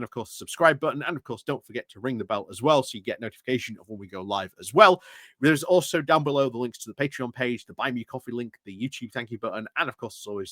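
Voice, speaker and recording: A man's voice: medium pitch, a bit bright, dry recording. A man hosting a casual political commentary livestream, chatty and wry, with lots of filler words and self-corrections. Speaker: political commentary channel host.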